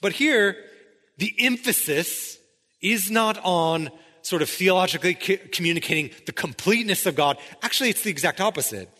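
A man's voice: sits high, lively intonation, moderate pace, bright, forceful tone, big-room sound. A male pastor preaching a sermon, emphatic, often checking in with "right?". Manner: emphatic, keeps asking "right?".

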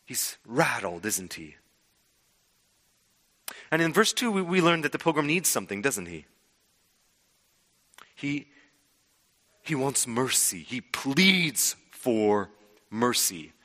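Male pastor, sermon, bright clear voice, loud then hushed delivery, long hall reverb. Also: mid-range voice, slow, pauses often. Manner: expressive preaching, swings from loud to hushed.

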